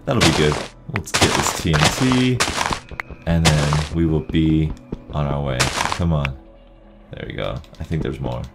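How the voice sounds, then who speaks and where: A man hosting casual gameplay commentary, chatty and excitable, rambling as he plays. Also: extremely low pitch, unhurried, loud music behind the voice. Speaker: gaming channel host.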